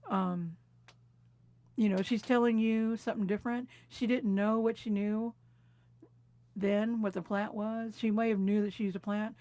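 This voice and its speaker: Woman in her 50s from california, mellow warm voice, dry close sound, unhurried storytelling. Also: mid-range voice, fairly even intonation, no room sound. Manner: reflective, unhurried, laughs softly between memories. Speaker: interviewee. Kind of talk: personal storytelling conversation. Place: quiet recording booth.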